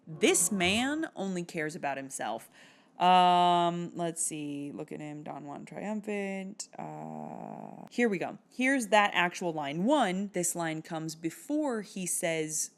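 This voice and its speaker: A woman with a fairly low voice gives a video-essay critique. She is sardonic and exasperated, and she picks apart the lines with animated disbelief. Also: takes it slowly. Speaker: film reviewer.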